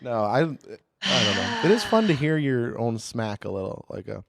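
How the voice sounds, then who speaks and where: A man's voice: medium pitch, very animated, moderate pace, gravelly, no echo. A young man co-hosting a comedy podcast, rambling and joking, swearing freely into a studio mic. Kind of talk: casual chat. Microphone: studio mic with headphones.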